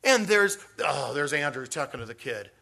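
A man preaching to his church in a lively, conversational way, breaking into quick acted-out voices and jokes. His voice sits a little high for a man and swings widely in pitch as he goes. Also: gravelly. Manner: animated, acts out quotes with big pitch swings; conversational, jokey asides. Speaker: pastor. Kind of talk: sermon.

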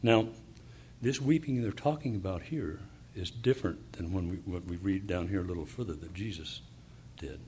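Preaching from scripture, this man reads and explains verses, stumbling through fillers and restarts before building to passionate emphasis. He has a deep voice with a darkish tone, and there's slight noise in the background.

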